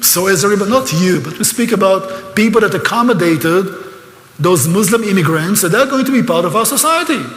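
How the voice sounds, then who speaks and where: A man's voice: high-pitched, fairly bright tone. Older israeli guy lecturing a crowd, gets emotional and sarcastic, roomy hall sound. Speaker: seminar lecturer. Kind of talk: live lecture to an audience. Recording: echoey hall.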